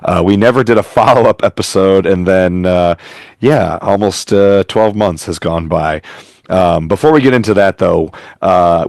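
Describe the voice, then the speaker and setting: A man's voice: low-pitched, darkish tone, no room sound, clean studio sound. A man hosting a casual podcast chat over a remote call, rambling and making self-mocking jokes. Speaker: podcast host.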